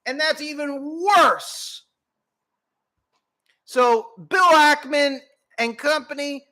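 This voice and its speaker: A man's voice: very high-pitched, slow pace, long pauses, pushed and bright. A man hosting a political commentary show, delivering an indignant, profanity-laced rant. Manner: indignant, swearing, emphatic.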